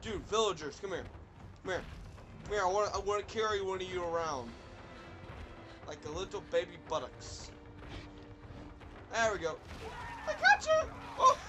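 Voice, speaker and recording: A young man giving excitable let's play commentary, yelling and laughing at the game. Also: high-pitched, moderate pace, pauses often, music in the background. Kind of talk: gameplay commentary.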